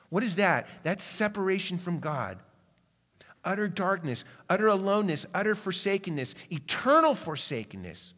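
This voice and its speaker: A man preaching a sermon, moving from quick, urgent passages to slow, hushed ones. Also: high-pitched, breathy edge. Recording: long hall reverb.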